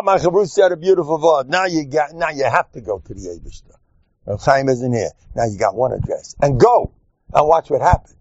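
Rabbi, male, lively and teasing in his Torah class; a dry, dull lo-fi recording. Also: brisk, no room sound. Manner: animated, joking, acts out quotes in squeaky voices. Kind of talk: humorous Torah lecture.

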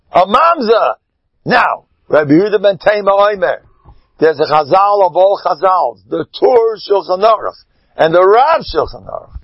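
A man speaking as a rabbi in an animated Torah talk, emphatic, swinging between loud exclamations and low asides. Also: vocal fry, slightly rough, dry recording, lo-fi sound.

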